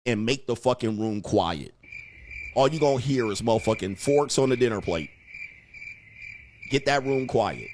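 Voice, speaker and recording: A man's voice: medium pitch, animated, normal speed, long pauses, a little mellow, slight background noise. A man giving blunt, crude relationship advice in a mocking, preachy rant, answering viewer comments. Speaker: dating advice host.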